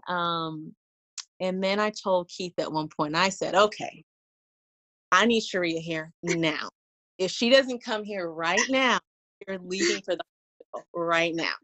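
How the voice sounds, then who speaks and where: A young woman telling her birth story in a casual conversation, animated and laughing, acting out her own past lines. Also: lowish voice.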